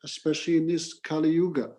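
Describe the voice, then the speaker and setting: Man teaching scripture, fairly high voice. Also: little pitch movement, fast, dark tone. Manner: plain, patient explaining, breaks into mantra chanting. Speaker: spiritual teacher. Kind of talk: scripture class with storytelling.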